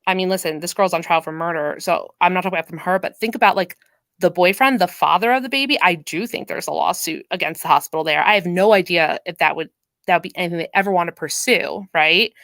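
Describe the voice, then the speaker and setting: A woman's voice: on the low side, quick pace, fairly bright tone, no room sound. A woman hosting a casual discussion, thinking aloud with frequent restarts and hedges. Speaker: host.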